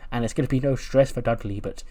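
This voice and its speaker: A man's voice: mid-range voice, fast talker, warm tone, natural voice. A man doing a smug older wrestling manager who talks down to everyone around him. The voice stays close to the man's own everyday speech, with only a patronizing lilt to mark it. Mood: condescending. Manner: patronizing, condescending.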